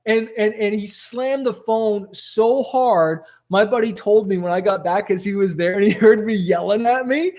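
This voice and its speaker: High-voiced man giving an animated pep talk. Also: moderate pace, few pauses. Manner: animated, conversational, peppered with "like" and "okay?". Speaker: rap rock musician giving motivational talk. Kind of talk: motivational storytelling to camera.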